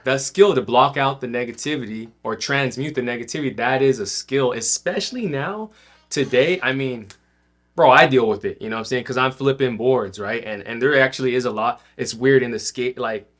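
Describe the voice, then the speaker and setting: A man's voice: medium pitch, a little fast, a bit bright. A man co-hosting a podcast, asking questions in a laid-back, slangy, affirming way. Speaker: podcast co-host. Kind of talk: casual podcast interview.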